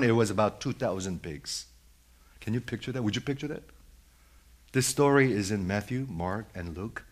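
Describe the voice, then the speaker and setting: A man's voice: fairly low pitch, expressive, moderate pace. A man preaching a sermon who questions his listeners directly and repeats his points for emphasis.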